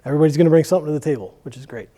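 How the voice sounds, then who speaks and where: A man who works as a firefighter speaks candidly about his job during a conversational church Q&A, rambling and using lots of fillers. His voice is fairly high and warm, and he talks rapid-fire.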